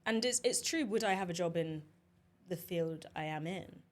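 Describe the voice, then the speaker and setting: A woman from southern England, a journalist guest on a podcast, talking quickly and with strong opinions, peppering her speech with "like" and "you know". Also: lowish voice. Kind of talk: casual interview chat.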